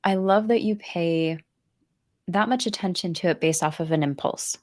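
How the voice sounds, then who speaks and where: A woman's voice: lowish voice, moderate pace, a little mellow, no room sound, studio quality. A woman hosting a casual interview, chatty and encouraging, laughing along with her guest. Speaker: interview host.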